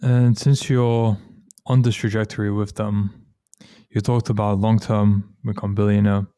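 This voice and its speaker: Man, interviewer, calm and teasing, low flat voice, dry sound. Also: a little slow, smooth, no echo. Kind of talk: casual interview.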